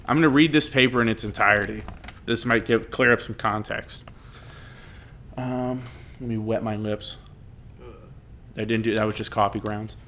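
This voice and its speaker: A man telling a story in casual chat, animated and rambling, swearing freely. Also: fairly low pitch, moderate pace, long pauses, a little hiss or hum.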